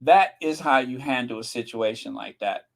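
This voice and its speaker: A man's voice: mid-range voice, normal speed, gravelly, poor audio. A man hosting his channel in casual gossip commentary, sassy and mocking. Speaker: channel host.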